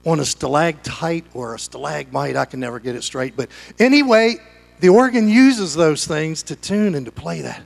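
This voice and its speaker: A middle-aged man preaching a sermon in a church sanctuary, animated, dropping to hushed asides and rising to shouts. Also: fairly high pitch, normal speed, gravelly. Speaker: pastor.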